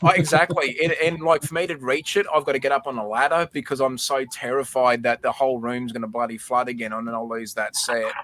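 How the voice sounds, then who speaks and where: A man chatting casually on a livestream, his voice set in an ordinary middle pitch. He tells a heartfelt family story and stumbles over repeated words as he goes. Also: fairly even intonation, fast talker, few pauses, a bit bright, soft background music. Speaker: livestream host. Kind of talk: casual chat.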